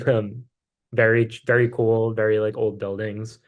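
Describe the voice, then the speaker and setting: A man's voice: on the low side, flat delivery, a little slow, narrow, tinny audio. A man appearing as a podcast guest who tells a road story in a casual, rambling way, full of fillers. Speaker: musician guest.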